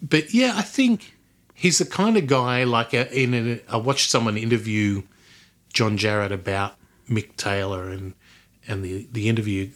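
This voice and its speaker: A man's voice: on the low side, fairly bright tone. Rambling, easygoing male podcast host. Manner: rambling, laughs easily, swears casually. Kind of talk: casual film chat.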